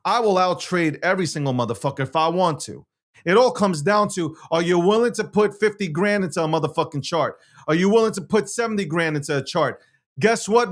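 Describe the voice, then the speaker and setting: A high-pitched man rants to viewers as host of a livestream show. His delivery is brash, profane and boastful, looping back on phrases and peppered with rhetorical questions.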